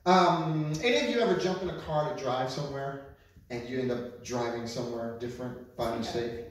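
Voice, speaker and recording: A man's voice: medium pitch, normal speed. A man preaching as a pastor, talking to his listeners and asking them questions, recorded alone with a camera. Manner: conversational, repeats himself, asks the listeners questions. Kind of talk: sermon. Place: large echoey room, alone with a camera. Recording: very echoey room, mic at a distance.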